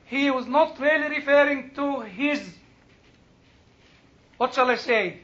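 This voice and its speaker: Captured in a dull, lo-fi recording, a male Bible teacher talks informally about the Bible. His very high, bright voice moves at a slow pace as he searches for the right English words.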